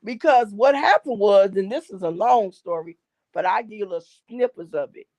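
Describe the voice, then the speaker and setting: A woman, a guest gospel artist, telling a long story in an animated way and acting out the voices in it. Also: mid-range voice, normal speed, no room sound. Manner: lively, acts out voices in her stories.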